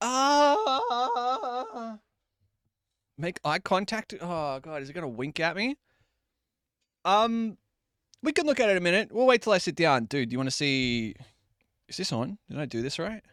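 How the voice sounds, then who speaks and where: Male streamer in his 20s, upbeat casual chatter with a lively, slightly high voice, cursing freely, dry close recording. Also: moderate pace, dry recording. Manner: animated, chatty, swears casually. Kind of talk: casual live-stream chat with viewers. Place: at home at his desk.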